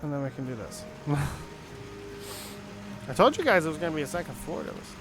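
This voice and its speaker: A man's voice: on the high side, very animated, a little fast, music in the background. A young man chatting casually while playing a game, rambling with many fillers. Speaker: gaming channel host. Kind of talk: casual gameplay commentary.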